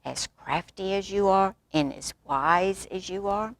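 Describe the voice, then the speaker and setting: A woman's voice: medium pitch, a little slow, gravelly, dry recording. A woman voicing a small, eager young bear cub who adores his grandfather. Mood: wondering. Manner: excited, adoring.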